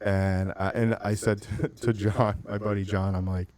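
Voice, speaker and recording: A man co-hosting a podcast, telling animated stories and acting out quotes in casual chat. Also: on the low side, normal speed, few pauses, no echo. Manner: animated storytelling, swears, acts out quotes. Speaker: podcast co-host.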